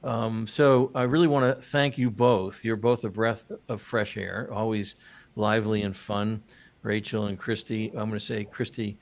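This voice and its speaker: A man's voice: on the low side, fairly even intonation, normal speed, vocal fry. A man hosting a business podcast, chatting casually and joking, with many fillers and restarts. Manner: rambling, jokey, many fillers. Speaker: podcast host.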